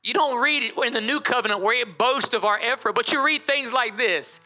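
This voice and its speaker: In church, a male pastor with a very high-pitched voice preaches a lively sermon at a brisk clip. He speaks directly to the congregation and draws them into call and response, with soft music playing in the background.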